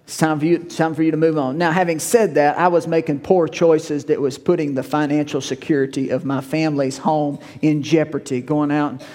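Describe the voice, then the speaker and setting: A man's voice: fairly high pitch, level tone, moderate pace, hardly any pauses, darkish tone, big-room sound. A male pastor, preaching a sermon in a folksy, conversational storytelling way.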